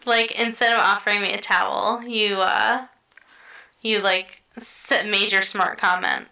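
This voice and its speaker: Bright-voiced young woman, chatty recap. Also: medium pitch, steady tone, unhurried, gravelly, low-quality recording. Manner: chatty, filler-heavy, swears casually, laughs often. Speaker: podcast co-host recapping a show. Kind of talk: casual chat.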